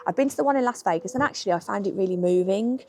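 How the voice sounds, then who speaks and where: Racing along in a mid-range, slightly mellow voice, with a little hiss or hum in the audio, a middle-aged Brummie woman from Birmingham, England, fields viewers' questions in a garden. She's a history YouTuber, chatting openly with blunt asides.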